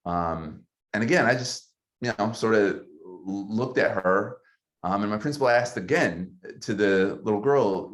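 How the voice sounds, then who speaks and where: A man who is a city councilmember and former teacher tells a personal story in an earnest, halting way, with many ums. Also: low-pitched.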